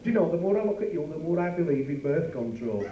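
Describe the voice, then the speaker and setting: Club comic, man, high and brash, bawdy patter; heard from far off in a noisy, echoey room. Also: lively intonation, dull audio. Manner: bawdy, rapid patter with asides to the crowd. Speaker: club comedian. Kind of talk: stand-up comedy. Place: working men's club stage.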